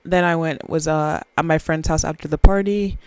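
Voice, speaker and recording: A woman's voice: low voice, steady tone, moderate pace, darkish tone, clean tone, no room sound, poor audio. A woman, rambling through a profane, self-mocking solo podcast chat very close to the microphone. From Southern US. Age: 20s. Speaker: podcast host.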